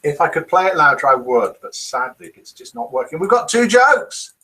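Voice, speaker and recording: A man's voice: on the high side, sing-song, moderate pace, noisy background. A man hosting a casual live stream, reading out viewers' comments and guesses aloud. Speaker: host of a live daily chat stream.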